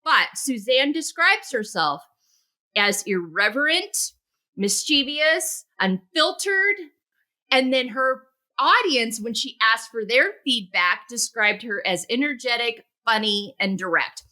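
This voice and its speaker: A woman hosting a podcast, talking conversationally and stressing key words with animated rises. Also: on the high side, slow pace. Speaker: podcast host.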